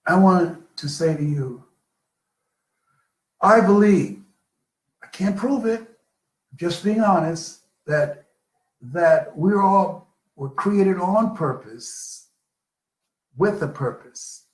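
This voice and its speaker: An older man giving a live motivational talk, telling personal stories with dramatic pauses. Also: sits high, expressive, reverberant. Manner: storytelling, slow with dramatic pauses. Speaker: motivational speaker.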